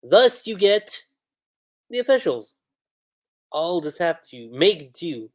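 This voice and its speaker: A man hosting a livestream, reading manga dialogue aloud and commenting on how two translations differ, acting out the lines with lively emphasis. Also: high-pitched, unhurried. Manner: reads character lines aloud with animated emphasis.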